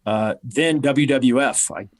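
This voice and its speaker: A man in his forties, a wrestler guest on a podcast, telling a story in lively casual chat and acting out the voices of the people in it. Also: medium pitch, takes it slowly. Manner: animated storyteller who acts out quoted voices.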